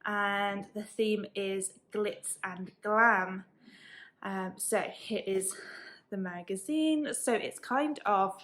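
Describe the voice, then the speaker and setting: A woman talks through a sewing subscription box in a casual, chatty vlog. She speaks quickly and slips in quick apologies. Her pitch sits mid-range. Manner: chatty, fast-talking, apologetic asides.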